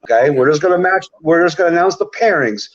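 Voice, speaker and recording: A man's voice: on the high side, lively intonation, fast talker, muffled recording. A man who is a wrestling referee, a guest in a casual interview, upbeat and announcer-like when giving event details.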